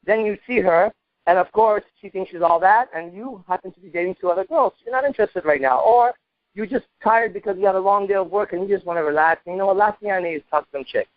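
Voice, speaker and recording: A man's voice: high voice, quick pace, dry recording, narrow, tinny audio. A man co-hosting a podcast, giving emphatic, profane dating advice and acting out sample conversations. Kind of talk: animated casual advice talk.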